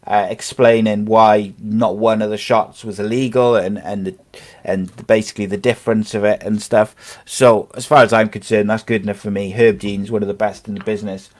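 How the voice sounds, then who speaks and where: A man's voice: on the low side, level tone, moderate pace, few pauses, darkish tone. A man hosting a casual sports podcast, talking in a rambling way with many fillers and restarts. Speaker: podcast host.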